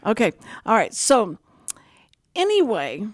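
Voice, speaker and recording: A woman hosting a talk radio show, telling personal stories in a rambling, animated way. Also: medium pitch, takes it slowly, no room sound, clean studio sound. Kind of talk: casual talk radio chat.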